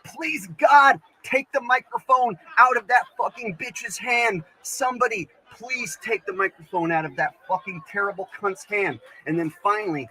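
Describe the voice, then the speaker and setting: A man performing as a crude male stand-up comic in a recorded bit, swearing, mocking and building up to shouts. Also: high voice, moderate pace, few pauses, husky, voice pushed up, exaggerated voice, rough recording. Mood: ranting. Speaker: stand-up comedian.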